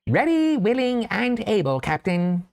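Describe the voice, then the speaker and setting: A man's voice: high voice, sing-song, unhurried, vocal fry, smooth, voice pushed up, heavily acted. A man doing a small caring mouse familiar. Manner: concerned, gently helpful.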